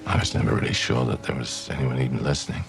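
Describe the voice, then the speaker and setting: An actor playing a reclusive older man who secretly broadcasts on the radio, with a gravelly voice, in a drama scene. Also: extremely low pitch, flat delivery, quick pace. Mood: gentle. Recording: drama with music behind.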